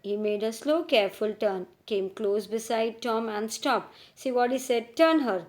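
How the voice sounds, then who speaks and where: A woman teacher with an Indian English accent and a slightly high voice reads a story from a school textbook. After each line she stops and explains it again in plainer words, often beginning with "see". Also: unhurried, darkish tone. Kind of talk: reading and explaining a textbook chapter.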